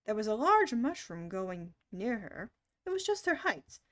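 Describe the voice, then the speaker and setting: A woman reading a children's book aloud on a stream in an expressive, animated way. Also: medium pitch, moderate pace. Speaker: storyteller.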